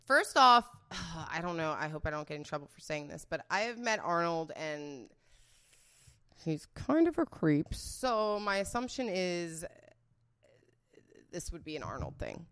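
Woman guest, slightly low-pitched, loose and blunt, rambles and swears as she guesses. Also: very animated, a little slow, fairly bright tone. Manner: blunt, rambling, swears freely, laughs often. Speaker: guest guessing celebrity scandals. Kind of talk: casual unscripted chat.

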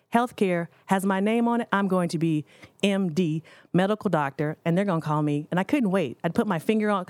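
A woman's voice: mid-range voice, a little mellow, no room sound, clean studio sound. A woman in her forties, a physician, telling a personal story to an audience in an earnest, direct way. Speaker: physician speaker.

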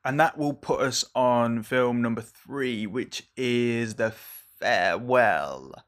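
An English man, a young adult, hosting a casual solo podcast in an excitable, rambling, over-caffeinated way, swearing now and then. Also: medium pitch, slow pace. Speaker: podcast host reviewing films.

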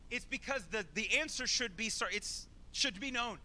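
Man, preacher, sermon, high voice, emphatic, rhetorical questions, repeats phrases. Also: moderate pace, hardly any pauses, pushed and bright.

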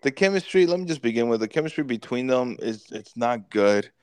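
A man co-hosting a podcast, retelling movie scenes in an animated, profane way and putting on quick voices for the characters. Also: medium pitch, clear, resonant tone, no room sound. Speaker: podcast co-host. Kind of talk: casual movie review chat.

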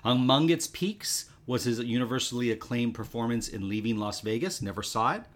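A man's voice: mid-range voice, animated, moderate pace. A man co-hosting a talk show, reading birthday notes and then bantering in an easygoing way. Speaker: co-host.

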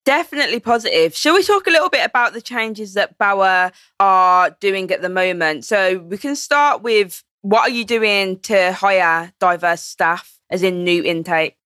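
A woman, the interviewer, speaking in an animated, emotional way, using "like" often. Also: medium pitch, a little slow, few pauses, dry recording. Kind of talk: conversational interview.

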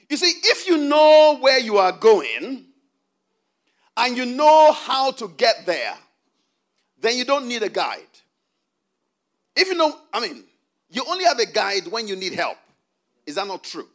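A man's voice: high voice, a bit bright. A male preacher delivering a sermon, repeating key phrases for emphasis and calling on the congregation to answer back.

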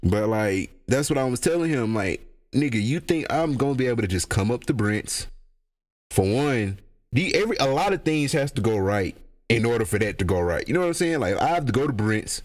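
A young man, talking casually to camera in a rambling, slangy, profane way, his pitch jumping up and down. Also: animated, brisk. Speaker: solo vlogger. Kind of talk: casual monologue.

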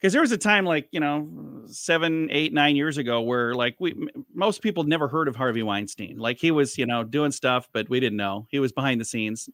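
A man's voice: medium pitch, fairly quick, few pauses, a bit bright, dry recording, studio quality. A male comedian and radio host telling a rambling anecdote in casual chat, restarting his sentences as he goes. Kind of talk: casual storytelling.

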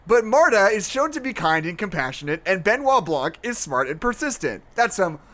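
A woman's voice: mid-range voice, big pitch swings, normal speed, a bit bright. A woman co-hosting a casual movie podcast, swearing freely and reading reviews aloud to her friends. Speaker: podcast co-host.

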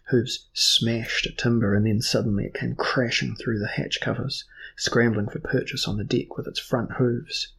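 A man narrating a fantasy audiobook in steady, measured storytelling. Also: medium pitch, gravelly, slightly rough, low-quality recording.

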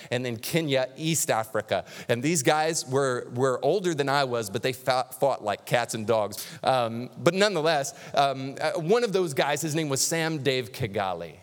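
A man preaching a sermon as pastor, animated and conversational, with touches of humor. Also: mid-range voice, in a large hall.

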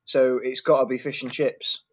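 A man's voice: medium pitch, little pitch movement, normal speed. A man with a Northern English accent, a guest on a casual podcast, talking in an upbeat, enthusiastic way. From Grimsby, England.

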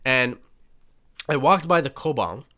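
Bright-voiced, profane man telling a story. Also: medium pitch, animated, unhurried. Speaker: junior high school teacher. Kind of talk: casual chat.

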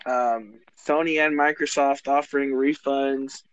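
A man's voice: mid-range voice, fairly even intonation, measured pace, a bit bright, no echo, rough recording. A man guesting on a podcast over a remote link, chatting casually in an agreeable, supportive way. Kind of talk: casual chat. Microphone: remote recording.

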